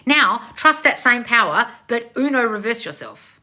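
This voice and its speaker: Loud, blunt woman coach with a bright voice. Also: a little high, wildly swooping pitch, a little fast. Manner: loud, passionate and blunt, swears freely; calls listeners darling, sassy and confrontational. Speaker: manifestation coach. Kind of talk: live-streamed coaching with read-out viewer questions.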